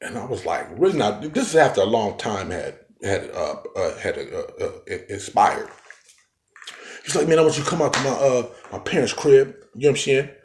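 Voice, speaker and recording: Brief: man spinning a loose rambling yarn, slangy and animated, mid pitch, echoey room. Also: a little fast. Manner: rambling, full of fillers and street slang, animated quoting. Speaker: storyteller. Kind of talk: casual storytelling.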